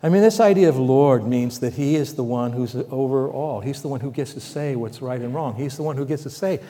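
A man's voice: medium pitch, fairly quick, few pauses. Man preaching in a reverberant hall. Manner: conversational preaching, asks the congregation questions, swells louder for emphasis. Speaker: pastor. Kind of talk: sermon.

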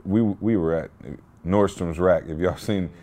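A man co-hosting a casual podcast, telling stories in an animated way and laughing often. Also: deep voice, unhurried. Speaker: podcast co-host.

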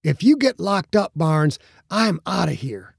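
A man's voice: high-pitched, big pitch swings, measured pace, gravelly, slightly rough, no echo, clean studio sound, voice pushed up, full character voice. A man voicing a selfish, streetwise male trainer in an audiobook, speaking in a casual, slangy way. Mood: dismissive. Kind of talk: audiobook character voice.

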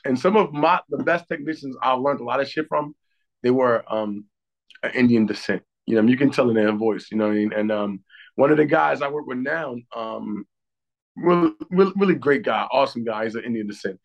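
A man's voice: mid-range voice, fairly quick, muffled recording. A tired man on a podcast, talking in a casual, profane, joking way and laughing often. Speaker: podcast co-host. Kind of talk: casual chat.

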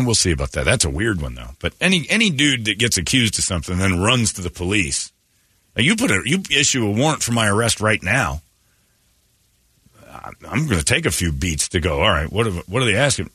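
A man hosting a morning radio show, telling stories in animated casual banter. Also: on the low side, brisk, breathy edge, no echo, clean studio sound. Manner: animated storytelling with quoted voices.

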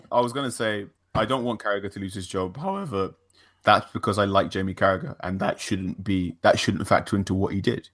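Co-host, fairly low voice, measured and reasoned, dry close sound. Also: male voice, no echo. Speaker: podcast co-host. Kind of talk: casual chat.

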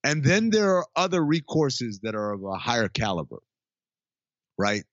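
A man's voice: medium pitch, very animated, normal speed, no echo, highs cut off. A man co-hosting a podcast in a loose, casual chat, swearing freely and laughing often. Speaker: podcast co-host.

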